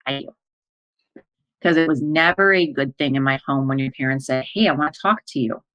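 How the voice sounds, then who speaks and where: Low-voiced woman telling a personal story. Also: a little fast, fairly bright tone, lo-fi sound. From American Midwest. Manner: emotional, breathless retelling with quoted dialogue. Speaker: life coach and podcast host.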